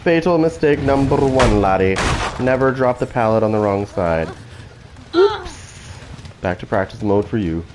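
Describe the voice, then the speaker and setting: A man's voice: fairly low pitch, expressive, normal speed, background noise. A man giving profane, trash-talking commentary while playing a video game, taunting opponents. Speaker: gaming channel host. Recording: loud game sounds behind.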